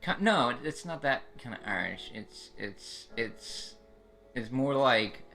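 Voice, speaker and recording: A man's voice: medium pitch, big pitch swings, moderate pace, pushed and bright, faint music behind. A man chatting casually on a live stream, rambling with lots of restarts and fillers. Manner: rambling, restarts, frequent "like" and "you know". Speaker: streamer describing his experience.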